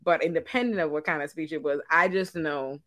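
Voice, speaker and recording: A woman chatting on a podcast panel, telling profane, slangy stories that swing from low asides to loud laughing shouts. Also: brisk, no room sound. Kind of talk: casual podcast chat.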